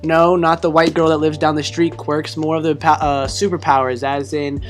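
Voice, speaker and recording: A man's voice: on the high side, level tone, moderate pace, soft background music. A young man hosting a casual podcast, explaining with crude jokes and many fillers. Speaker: podcast host. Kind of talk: casual chat.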